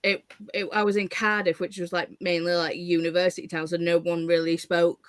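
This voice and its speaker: A woman's voice: fairly low pitch, level tone, a little fast, clear, resonant tone, no echo, clean studio sound. A woman guest chatting casually on a livestream, telling rambling anecdotes full of fillers.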